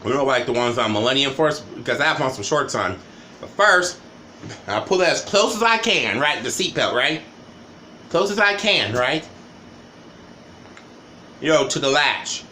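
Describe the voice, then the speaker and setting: A man's voice: medium pitch, expressive, normal speed, pauses often, pushed and bright, a little hiss or hum. A man vlogging a rambling, casual storytime monologue, often tagging "right?" and "you know" onto his sentences.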